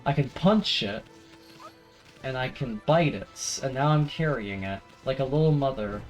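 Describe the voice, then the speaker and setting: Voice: mid-range voice, sing-song, normal speed, faint music behind, rough recording. A streamer giving playful, jokey commentary while playing a video game. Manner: playful, jokey asides and silly voices. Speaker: let's play streamer. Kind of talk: casual gameplay commentary.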